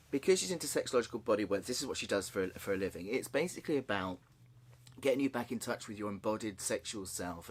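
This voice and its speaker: A man sharing a personal story in a candid, halting way, with nervous laughs and frequent restarts. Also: medium pitch. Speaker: vlogger. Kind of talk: personal confessional vlog.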